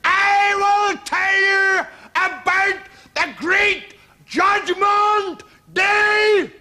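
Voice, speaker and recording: An Irish man playing a fire-and-brimstone preacher who shouts slowly from the pulpit. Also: extremely high pitch, steady tone, voice pushed up, heavily acted. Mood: thundering. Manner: shouting, slow drawn-out.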